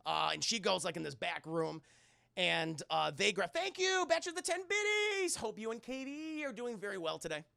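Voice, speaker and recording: High, gravelly, excitable male streamer. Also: no echo, studio quality. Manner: profane, excitable, acts out quotes in loud voices. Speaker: streamer reviewing a film. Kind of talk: animated scene-by-scene film recap to live chat.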